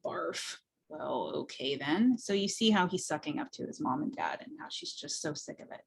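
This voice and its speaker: A woman's voice: sits low, lively intonation, normal speed, creaky, a little hiss or hum. Rambling woman teaching a class. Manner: rambling, many ums, acts out scenes. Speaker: graphic novel instructor. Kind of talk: casual class walkthrough.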